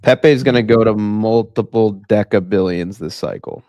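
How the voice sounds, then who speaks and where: A man's voice: fairly low pitch, moderate pace, no echo, highs cut off. A man co-hosting a casual crypto market stream, talking emphatically in slangy chat and calling the others bro. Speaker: crypto market show co-host.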